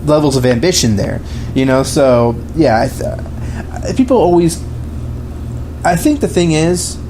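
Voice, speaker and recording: A man's voice: fairly high pitch, expressive, a little slow, background noise. A man co-hosting a podcast, chatting casually about films in a rambling way, full of restarts and fillers. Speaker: podcast co-host. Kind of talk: casual film discussion.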